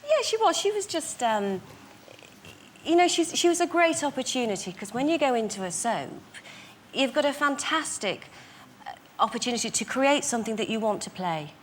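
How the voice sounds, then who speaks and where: A woman's voice: a little high, very animated, normal speed, slight background noise. A woman with a Northern English accent, a guest on a television talk show, answering thoughtfully with many fillers and restarts. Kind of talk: casual chat.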